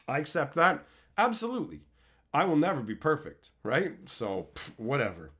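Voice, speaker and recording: A man's voice: fairly high pitch, normal speed. A man streaming, telling stories in a brash, snarky, profane way, from Canada. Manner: profane, animated storytelling. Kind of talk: casual stream chat.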